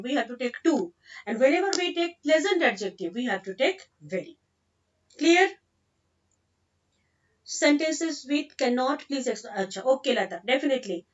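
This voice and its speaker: A woman's voice: high voice, far from the mic, dull audio. A woman with an Indian English accent teaching an online grammar lesson, explaining patiently and repeating example sentences.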